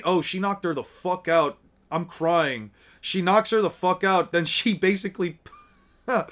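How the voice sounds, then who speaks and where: Casual male streamer with a fairly high voice, reading manga aloud and swearing his way through the commentary. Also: measured pace, a bit bright. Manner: loose, profane, laughs easily. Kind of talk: casual read-along commentary.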